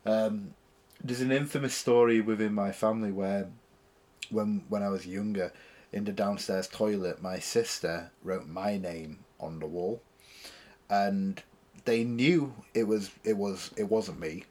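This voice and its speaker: Young man, rambling storyteller, lowish voice, casual podcast chat. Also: unhurried. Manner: rambling storytelling, gets loud and excited. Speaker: podcast co-host.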